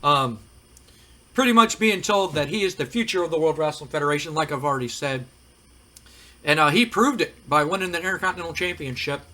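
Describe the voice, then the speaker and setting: A man's voice: on the high side, animated, brisk, sharp tone. A man hosting a casual gaming commentary, chatty and rambling with frequent fillers. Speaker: host.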